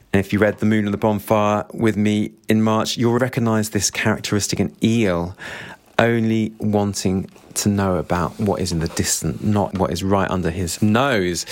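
Low-voiced man musing over a novel. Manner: musing, asks himself questions aloud. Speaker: book discussion host. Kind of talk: reading and discussing a novel.

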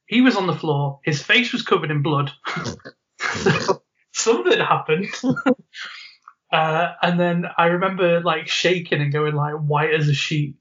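A man co-hosting a podcast, telling an animated story with frequent laughs and acted-out quotes. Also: fairly high pitch, measured pace, long pauses. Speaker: podcast co-host. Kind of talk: casual storytelling chat. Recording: muffled lo-fi podcast audio.

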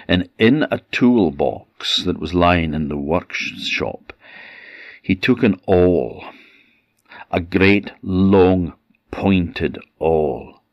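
A man with an Orcadian Scottish accent telling a traditional ghost story with slow, dramatic pauses. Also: sits low, no echo, dull audio. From Orkney, Scotland.

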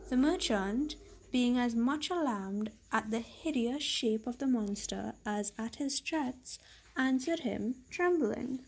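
A woman reads a classic tale aloud at a steady, measured pace. Her voice is fairly high and clear. The delivery is calm and even, like a bedtime story. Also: a little hiss or hum, poor audio. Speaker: story reader.

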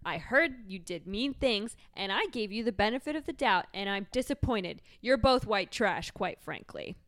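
A woman's voice: medium pitch, expressive, moderate pace, a bit bright, no echo. A woman guest on a casual podcast who acts out dramatic reality TV confrontations. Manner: theatrical, indignant when acting out scenes. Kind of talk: casual chat with dramatic reenactment.

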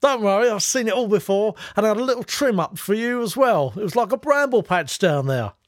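A man putting on a chirpy high hairdresser. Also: expressive, brisk, dry recording, clean studio sound. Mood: reassuring.

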